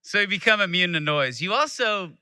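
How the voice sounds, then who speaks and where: A man's voice: sits high, expressive, fairly quick, bright, forceful tone, clean tone, no room sound. A man in his thirties from Texas giving a keynote speech, telling family stories and acting out quotes. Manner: storytelling with acted-out quotes. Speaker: keynote speaker. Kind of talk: speech to a live audience.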